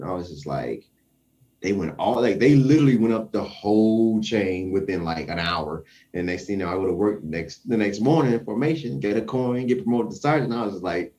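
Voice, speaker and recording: A man's voice: on the low side, lively intonation, a little fast, darkish tone. A young man telling a story in casual conversation, acting out the quoted voices and chuckling often.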